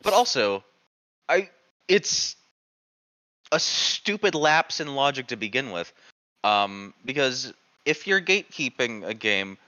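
A man co-hosting a casual gaming podcast, talking in a halting, rambling way with many restarts. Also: mid-range voice, big pitch swings, bright, forceful tone. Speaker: podcast co-host. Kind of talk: casual panel chat. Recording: dull lo-fi mic.

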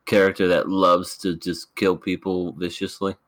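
Deep voice guy chatting on a podcast, laughs a lot, dry close mic. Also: level tone, moderate pace, a bit bright, dry recording. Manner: laughs a lot, hesitant with fillers. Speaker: podcast co-host. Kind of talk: casual chat.

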